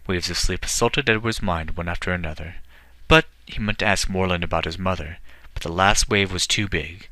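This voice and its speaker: Male storybook reader; deep and bright, dry studio-close delivery. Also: moderate pace, no echo. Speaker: book reader. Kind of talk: scripted narration of a fantasy book.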